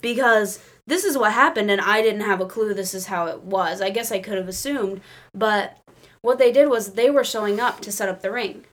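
A woman chatting casually and telling a lively story. She laughs often and breaks into little performances of what each person said. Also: mid-range voice, normal speed. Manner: animated storytelling, laughs often, acts out quotes. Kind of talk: casual chat.

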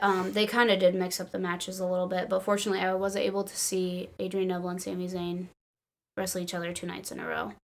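Woman from illinois, chatty and excitable, does little voices for everyone in her story. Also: medium pitch. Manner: excitable storyteller, acts out quotes, laughs often. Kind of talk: casual chat.

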